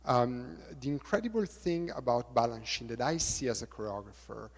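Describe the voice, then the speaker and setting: A middle-aged man with an Italian accent, a choreographer lecturing on dance technique, halting and repeating words, counting beats aloud. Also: mid-range voice, creaky. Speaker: choreographer giving a talk. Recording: reverberant lecture hall.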